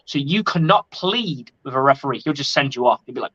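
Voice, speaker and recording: A man's voice: on the high side, expressive, brisk, bright, forceful tone. A man talking casually on a sports podcast, blunt and opinionated and swearing freely. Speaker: podcast co-host. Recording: lo-fi audio.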